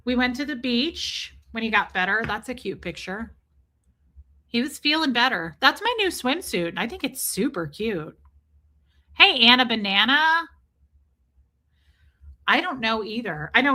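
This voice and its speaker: In a slightly high, sing-song voice with a sharp edge, a middle-aged streamer talks at normal speed during a casual live chat. She rambles through stories and reads comments aloud, responding as she goes.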